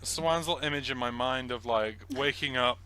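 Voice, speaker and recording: A man's voice: mid-range voice, moderate pace. A man in casual banter on a podcast, teasing a friend. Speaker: podcast co-host.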